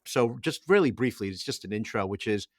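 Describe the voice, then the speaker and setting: On a relaxed podcast, this middle-aged co-host tells a long, meandering tale, restarting often and repeating himself. He speaks fairly quickly in a lowish voice with lively intonation. The audio is studio quality with no room sound.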